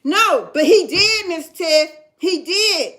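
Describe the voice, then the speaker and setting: A woman's voice: very high voice, expressive, slow, a bit bright. A middle-aged woman telling her own story in casual talk, emphatic and often checking that the listener understands. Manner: emphatic, keeps asking "you understand?". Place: in Ohio.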